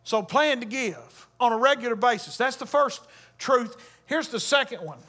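A pastor delivers a sermon in a strikingly high voice. He drives each point with emphasis. He pulls the congregation into call-and-response. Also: animated, moderate pace, pushed and bright. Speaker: Baptist pastor.

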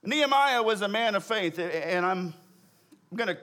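A man preaching a sermon, reading scripture and telling a story, with quiet, lowered prayers. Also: animated, moderate pace. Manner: tells a joke story, acting out voices with rising pitch. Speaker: pastor.

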